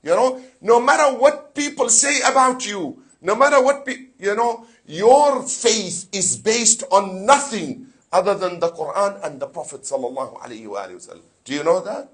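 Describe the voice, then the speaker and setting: Man, sheikh, sermon, fervent, rhetorical questions, Arabic recitation, husky voice, high pitch. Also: lively intonation, normal speed. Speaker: sheikh giving a Muharram lecture.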